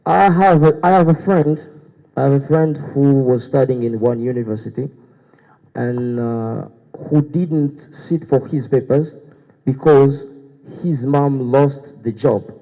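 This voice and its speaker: Young man, mellow dark voice, hesitant debate answers, echoing hall. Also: medium pitch, slow pace. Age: young adult. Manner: hesitant, many fillers and restarts. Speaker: student guild candidate. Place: university hall. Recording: dull echoey hall sound.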